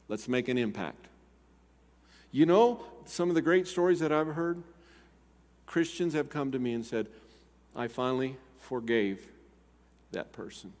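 An older man preaching a sermon as pastor, swinging between loud urgent appeals and quiet, slow emphasis. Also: medium pitch. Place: church sanctuary. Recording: long hall reverb.

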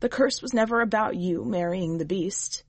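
A woman voicing a shrewd, wry witch who speaks patiently and gently, like a teacher, in a storybook reading. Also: mid-range voice, moderate pace, no echo, natural voice.

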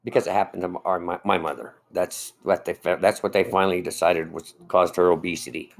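A man's voice: deep voice, flat delivery, fairly quick, creaky. An older man, a guest on a casual podcast, telling stories and explaining things from decades past. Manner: storytelling, explaining old facts. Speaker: guest, co-host's father.

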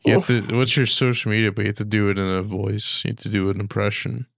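A man's voice: steady tone, quick pace, creaky, no room sound, studio quality. A man hosting a casual comedy podcast, joking with friends and slipping into silly impressions. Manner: jokey, slips into high-pitched impressions.

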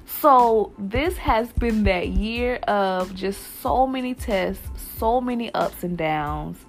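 A young woman talks heartfelt and personal on her spiritual podcast. Her voice sits at a middle pitch and she likes to repeat her phrases. Faint music plays underneath. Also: animated, slow pace. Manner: heartfelt, repetitive phrasing, sighs and laughs. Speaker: podcast host.

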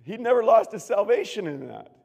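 A man's voice: sits high, sing-song, fairly quick, gravelly, breathy edge. Earnest male pastor in a reverberant hall. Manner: earnest, swings from hushed to loud emphatic bursts. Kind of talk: sermon. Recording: long reverb of a large room.

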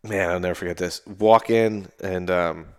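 A man's voice: low voice, fairly even intonation, normal speed, clean tone. A man and army veteran, talking loosely as a guest in a casual interview, full of fillers and restarts. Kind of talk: casual conversational storytelling.

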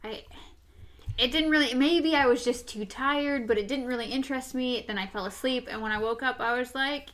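A woman's voice: on the high side, moderate pace, fairly bright tone. A woman in casual conversation, chatty and rambling, often laughing. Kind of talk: casual chat.

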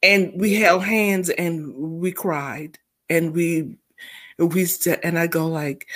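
A middle-aged woman, co-hosting a casual family podcast and telling stories with lively voices. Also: on the low side, slow pace. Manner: animated storyteller, acts out voices in anecdotes. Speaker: co-host.

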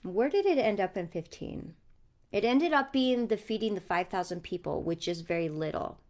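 A woman's voice: medium pitch, animated, moderate pace, a little mellow. A mother talking casually and earnestly, telling a story about her son and reflecting on her Bible reading. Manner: earnest, storytelling, speaks with conviction. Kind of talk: casual reflective vlog talk.

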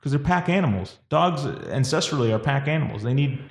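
A man's voice: medium pitch, expressive, fairly quick, vocal fry. Echoey joking podcast man. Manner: jokey, riffing, swears often. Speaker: podcast co-host. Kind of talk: casual chat. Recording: echoey room with long reverb.

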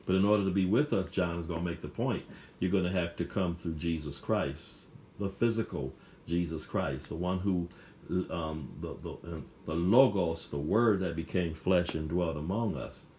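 A man's voice: low voice, normal speed, a little mellow, a little hiss or hum. A man preaching a sermon, emphatic and repetitive, often restarting his phrases.

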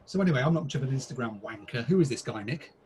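Rapid-fire delivery, lively intonation, and a mid-range voice that is a little mellow and slightly rough mark this British co-host. On his comedy podcast he theatrically acts out scripted pub banter, crude yet mock-formal.

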